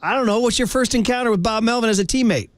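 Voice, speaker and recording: High-voiced upbeat sports radio host. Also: male voice, quick pace, dry recording. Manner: upbeat and chatty. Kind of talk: casual sports talk.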